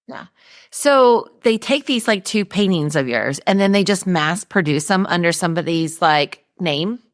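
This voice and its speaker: A woman's voice: lowish voice, expressive, moderate pace, dry recording, clean studio sound. A woman hosting a casual interview, mostly chiming in with short affirmations. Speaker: podcast host.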